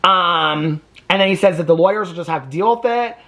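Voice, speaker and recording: A man's voice: sits high, fairly quick, sharp tone. A man hosting a reality TV reaction video, ranting indignantly and swearing freely in casual commentary. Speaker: TV reaction host.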